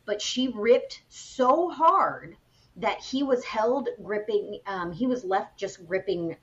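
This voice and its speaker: A woman at a middling pitch tells a ghost story to her podcast co-hosts in an easy, chatty way. She sounds animated and drops in filler words as she goes. The audio is a little dull and muffled. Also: takes it slowly. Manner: animated retelling of a spooky tale, chatty with fillers. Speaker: podcast co-host. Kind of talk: casual storytelling chat.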